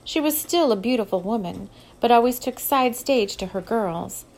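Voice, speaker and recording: A woman reading a novel aloud as an audiobook narrator, in a steady, measured storytelling voice. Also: on the high side. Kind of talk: scripted narration.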